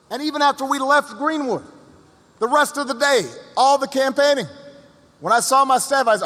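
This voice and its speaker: Bright high-voiced man telling a story in a big hall. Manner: storytelling with pauses and repeated words. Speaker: politician giving a speech. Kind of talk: anecdotal speech to an audience. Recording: long reverb of a large hall.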